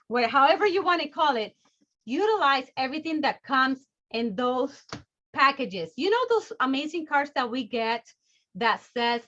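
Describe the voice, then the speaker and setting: A woman giving an energetic sales training talk over a video call, bubbly and excitable, always at high energy. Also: highs cut off.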